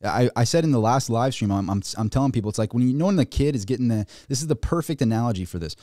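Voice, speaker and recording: A man hosting a casual livestream and ranting about the markets, excitable and rambling, with many restarts. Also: mid-range voice, racing, no room sound, studio quality. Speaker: finance YouTuber.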